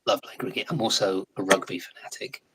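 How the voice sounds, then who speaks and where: An English man in his forties, a guest in a casual live chat, talking in a chatty, animated way and laughing often. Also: sits low, a little fast, noisy background. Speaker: guest actor.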